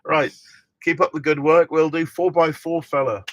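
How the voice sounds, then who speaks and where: A man's voice: fairly high pitch, steady tone, normal speed, fairly bright tone. A middle-aged man hosting a casual live stream from inside a motorhome, chatting and reading out viewer comments with frequent laughs.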